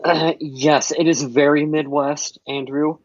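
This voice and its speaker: A man's voice: a little high, flat delivery, unhurried, no room sound. Laid-back man from Iowa on a dull, dry line. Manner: laid-back, laughs often, swears casually. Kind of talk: casual live chat.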